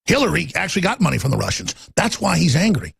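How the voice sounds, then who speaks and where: A man's voice: on the high side, wildly swooping pitch, quick pace, vocal fry, fairly bright tone, slightly rough. A middle-aged man hosting a talk radio show, ranting heatedly about politics in a studio, repeating words and acting out quotes.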